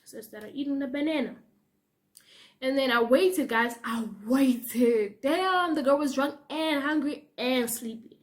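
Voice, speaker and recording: A young woman with a South African accent tells a storytime vlog, her voice high and lively. She laughs often and acts out the people she quotes. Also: normal speed. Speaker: YouTuber.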